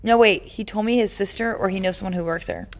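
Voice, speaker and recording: A young woman co-hosting a podcast, chatting casually and tossing in quick reactions. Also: medium pitch. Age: young adult. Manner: quick interjections, echoes her co-host. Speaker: podcast co-host. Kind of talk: casual chat.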